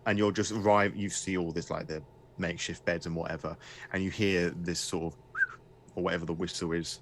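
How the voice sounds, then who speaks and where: A man's voice: sits low, level tone, a little fast, a little hiss or hum. A man narrating a tabletop game as game master, hesitant and full of fillers.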